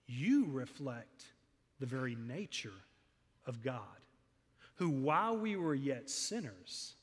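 A man's voice: mid-range voice, fairly bright tone, breathy edge. A middle-aged man, preaching a sermon in a church, earnest and storytelling, his voice swelling on emphatic lists. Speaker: pastor. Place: church sanctuary. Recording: long hall reverb.

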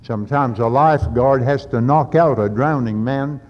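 A man preaching a sermon with fervent urgency, building to loud peaks and dropping in folksy asides. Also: mid-range voice, moderate pace. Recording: old lo-fi recording in a reverberant hall.

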